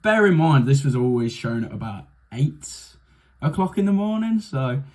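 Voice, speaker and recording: A young man talks through a story in an easy, chatty way, with a comedic edge. His voice sits at a middling pitch and has a mellow, soft tone. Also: moderate pace. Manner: chatty, animated storytelling with restarts. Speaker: video host. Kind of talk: casual comedic commentary.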